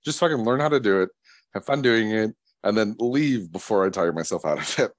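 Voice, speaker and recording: Teasing man with a lively voice. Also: fairly low pitch. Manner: teasing, joking, quick to laugh. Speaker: podcast co-host. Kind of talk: casual chat.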